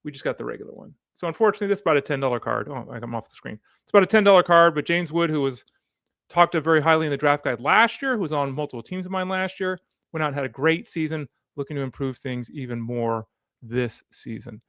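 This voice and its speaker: A man's voice: fairly high pitch, fast talker, a bit bright, dry recording, studio quality. A man hosting a sports show, chatting casually while opening card packs, rambling and easily sidetracked. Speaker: sports podcast host.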